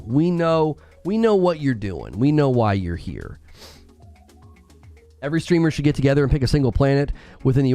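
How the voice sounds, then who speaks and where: Man, gaming streamer, casual live chat, teasing and playful, somewhat high voice, very animated pitch, faint music behind. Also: no echo.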